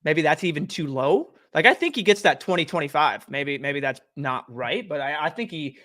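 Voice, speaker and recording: Young male streamer at home, loose and chatty, on a desk mic, with a slightly higher voice. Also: lively intonation, moderate pace, sharp tone. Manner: easygoing, rambling, chatty. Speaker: streamer and show host. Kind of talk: casual live-stream chat. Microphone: desk microphone.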